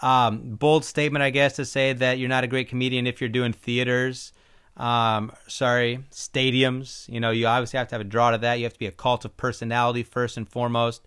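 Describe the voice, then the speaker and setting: A man's voice: mid-range voice, flat delivery, brisk, fairly bright tone, smooth. A man hosting his own podcast in a casual, opinionated solo talk, rambling with frequent ums. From Iowa. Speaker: podcast host.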